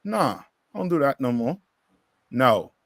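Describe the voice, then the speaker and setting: A man's voice: mid-range voice, sing-song, a little slow, fairly bright tone, no echo, clean studio sound. Emphatic man preaching to a class. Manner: emphatic, many rhetorical questions. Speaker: class teacher.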